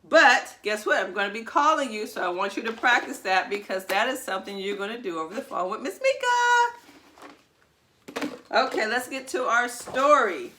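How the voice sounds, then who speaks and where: A woman teaching preschool children over video, coaxing them to repeat words and praising them in an animated, drawn-out sing-song way. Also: medium pitch, a little hiss or hum.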